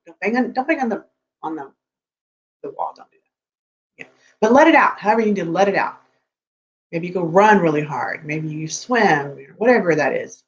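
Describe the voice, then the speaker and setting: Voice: medium pitch, a bit bright. A dating coach giving chatty, rambling advice on a live stream, often checking in with the viewers. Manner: chatty, rambling, keeps checking in with "okay?" and "right?". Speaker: dating coach for tech men. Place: room with geek collectibles behind. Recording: dull lo-fi sound with faint hum.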